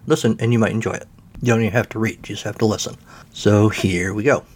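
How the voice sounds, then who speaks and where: A man's voice: lowish voice, fairly even intonation, quick pace, darkish tone. A man hosting a podcast in a rambling, self-deprecating way, full of fillers. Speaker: podcast host. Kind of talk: casual podcast talk.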